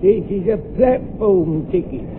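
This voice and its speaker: A man's voice: high-pitched, lively intonation, a little slow. A man playing a blunt working-class male ticket inspector in a 1950s radio comedy. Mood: insistent. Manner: blunt and insistent, calling people mate. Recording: tinny old radio recording with hiss.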